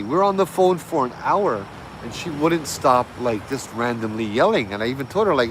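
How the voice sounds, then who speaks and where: A man's voice: mid-range voice, very animated, brisk, fairly bright tone, a little hiss or hum, low-quality recording. A middle-aged man, casually telling a ghost story in a loose, rambling way, correcting himself as he goes. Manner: easygoing, rambling with fillers and self-corrections.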